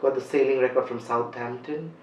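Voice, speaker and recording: A man's voice: medium pitch, fairly even intonation, brisk, a little mellow, slight background noise. A man from India explaining his family research in a casual conversation, repeating phrases as he talks. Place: hotel lounge. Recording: distant, roomy, dull sound with faint ambience.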